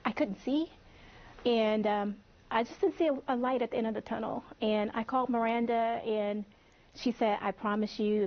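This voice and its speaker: A woman answers questions in a live TV interview. She is emotional and stops and restarts often. Her mid-pitched voice comes through slightly dull broadcast audio. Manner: emotional, halting, many restarts. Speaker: interview guest.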